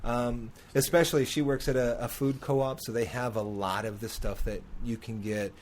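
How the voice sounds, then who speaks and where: A man's voice: medium pitch, steady tone, normal speed, a little hiss or hum. A man hosting a casual chat, rambling and restarting his sentences. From United States. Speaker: podcast host. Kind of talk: casual conversation.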